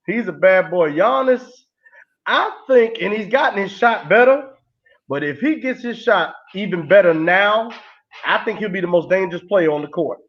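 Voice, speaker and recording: A man's voice: high-pitched, lively intonation, normal speed, highs cut off. A man as a guest on a casual sports talk show, playful, confident and emphatic.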